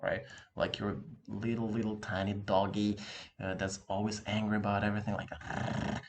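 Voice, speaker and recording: A man teaching an online language lesson, lively and encouraging, talking casually with slang to his viewer from a room with an open window. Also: on the low side, a little fast. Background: dog barking outside.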